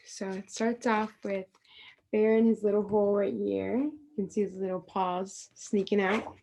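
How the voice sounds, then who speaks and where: A woman's voice: mid-range voice, slight background noise. A woman reading a picture book aloud to children over a video call, acting out the lines and adding asides about the pictures. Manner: slow, expressive read-aloud with pointing asides. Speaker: storytime reader.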